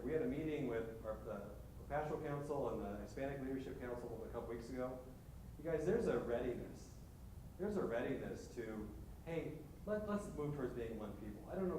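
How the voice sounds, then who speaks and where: Midwestern male pastor, halting and conversational, distant mic with faint rumble behind. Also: dark tone. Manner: halting, many restarts and "right?" asides. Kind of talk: parish leadership talk. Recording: echoey hall from far off, faint rumble.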